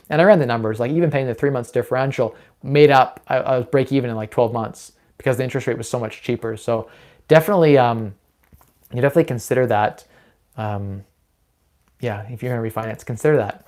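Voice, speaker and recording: A young Canadian man hosting a live Q&A, rattling through answers at a fast clip. His voice sits at a middling pitch, and he sounds upbeat and persuasive, peppering his talk with fillers and restarts. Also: a little mellow. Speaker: host of a live Q&A on personal finance. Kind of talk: casual live-stream Q&A.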